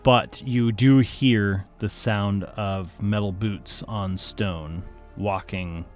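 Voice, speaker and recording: A man's voice: on the low side, fairly even intonation, slow, a little mellow, faint music behind. A man narrating a tabletop game as game master, playful and making sound effects.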